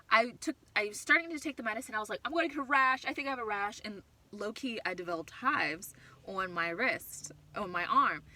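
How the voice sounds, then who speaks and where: A young woman talks to her camera from a car, tired after a sleepless night. Her voice is bright and forward at a middle pitch. She rambles openly and often restarts her sentences. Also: poor audio. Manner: open, rambling, self-interrupting. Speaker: vlogger. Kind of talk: candid personal talk.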